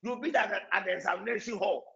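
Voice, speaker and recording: A man preaching an evening sermon in an emotional, repetitive way, with sudden shouts. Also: sits high, fast talker, vocal fry, muffled recording.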